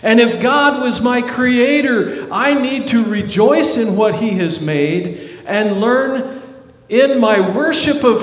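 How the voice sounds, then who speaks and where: A male pastor preaching a sermon at a slow, deliberate pace, his voice a touch higher than most men's. He builds earnestly to emphatic peaks and sinks into hushed lines. The sound rings with the long reverb of a church hall. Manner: earnest preaching with rising emphasis and dramatic drops. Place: church sanctuary.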